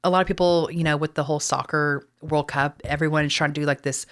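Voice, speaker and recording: A chatty Texan woman co-hosting a podcast, her voice sitting on the low side. She rambles through fillers and drops casual swears as she tells her stories. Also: steady tone, quick pace. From Texas. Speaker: podcast host. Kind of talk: casual chat.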